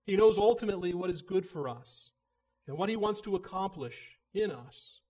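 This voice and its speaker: A man's voice: high-pitched, animated, normal speed, dark tone. A man preaching a sermon in an earnest manner, building emphasis as he goes. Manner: earnest, with frequent restarts and rising emphasis.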